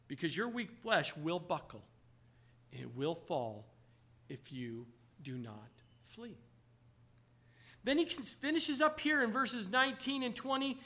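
A man preaches a sermon, telling stories with emphatic exclamations. His voice is high for a man and bright, with a sharp edge.

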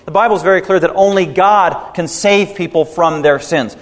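A man preaching a sermon with a fairly high voice that climbs on the words he stresses. His delivery is emphatic, and a long reverb trails behind him as if in a big hall. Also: normal speed, hardly any pauses. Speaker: pastor.

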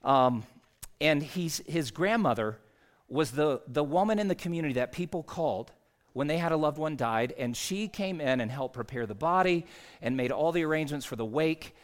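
A man's voice: on the high side, animated, moderate pace. A man, a pastor, preaching a sermon in an earnest, conversational storytelling way.

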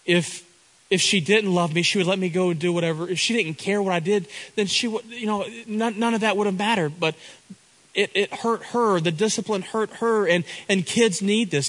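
A man's voice: high voice, fairly bright tone, poor audio. A middle-aged man preaching a sermon, earnest, often repeating and restarting his words.

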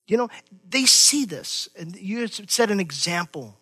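High-voiced preaching man, bright and dry. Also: expressive, a little slow, husky, dry recording. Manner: preaching with wide swings from loud emphasis to quiet asides. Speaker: pastor. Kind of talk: sermon.

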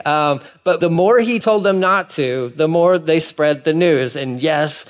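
An animated male preacher delivering a sermon in a casual, conversational way. His voice sits a little higher than most men's, and he drops into quick acted-out asides before returning to his point. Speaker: pastor.

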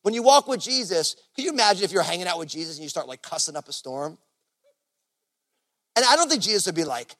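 A man's voice: sits high, big pitch swings, fast, a bit bright. A man preaching a sermon as pastor in a casual, conversational way, full of fillers like "you know". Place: church service.

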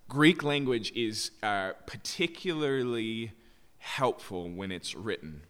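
A man's voice: lowish voice, animated, a little slow, a bit bright, clean tone. A man preaching a sermon as pastor, explaining with emphasis and rhetorical "right?" questions. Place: church sanctuary. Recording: long reverb of a church hall.

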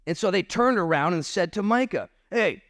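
Casting note: laid-back male pastor preaching, slightly high voice, dry close sound. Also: expressive, fairly quick, a bit bright, no room sound. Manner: casual, joking preacher who reads scripture then riffs. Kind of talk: sermon. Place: church.

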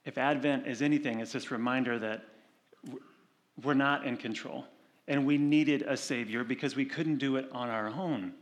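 A male pastor giving a sermon, talking conversationally and slowing down to read scripture. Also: medium pitch. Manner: conversational preaching with animated retold stories; slows and softens for scripture reading.

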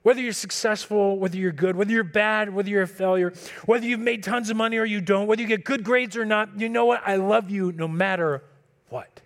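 A man preaching a sermon in a relaxed, conversational way, acting out talks with his kids. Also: high-pitched, fairly quick. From California. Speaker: pastor.

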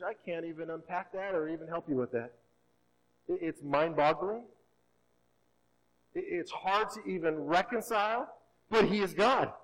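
A male pastor preaching a sermon, swinging between soft and loud and slowing down to stretch key words for emphasis. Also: high-pitched, poor audio.

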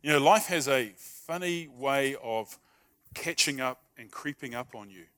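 A man's voice: medium pitch, a little slow, a bit bright, smooth. A man preaching a sermon in a conversational, humorous way, acting out short everyday dialogues. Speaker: pastor.

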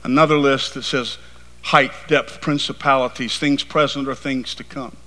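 A man preaching a sermon with passion, dropping to hushed tones and then building to emphatic, rising lines. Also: medium pitch, fairly even intonation, moderate pace. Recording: long hall reverb.

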